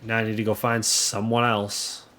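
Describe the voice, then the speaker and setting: A man's voice: lowish voice, level tone, normal speed, sharp tone. A man streaming a cowboy game live, chatting casually with viewers in a sarcastic, talkative way. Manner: sarcastic, talkative, reads chat aloud. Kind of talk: casual live gameplay commentary.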